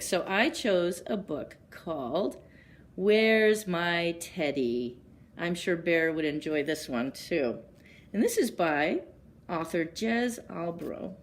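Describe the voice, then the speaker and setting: A woman librarian reads picture books aloud at story time, stopping gently to ask the children questions. She speaks slowly and carefully. Her voice is very lively, rising and falling a lot. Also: on the low side.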